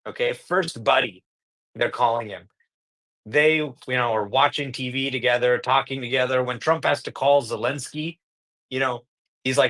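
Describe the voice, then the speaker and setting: A man talks through market commentary in a bright, forceful voice, animated and emphatic. He drags out key phrases to drive them home, with a middling pitch. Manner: animated, emphatic, slows down to stress points. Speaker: show host.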